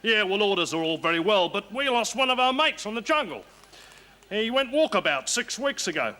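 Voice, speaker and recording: An actor with an Australian accent playing a brash, blunt Australian army colonel in a 1970s TV sitcom. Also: male voice, high-pitched, sing-song, fairly quick, sharp tone, exaggerated voice. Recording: noisy old TV soundtrack.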